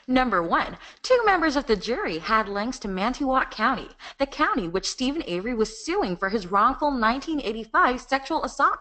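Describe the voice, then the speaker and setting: A woman voicing an American narrator for a true-crime fact video, reading crisp informative narration. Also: high-pitched, sharp tone, pitched above the performer's own voice, exaggerated voice.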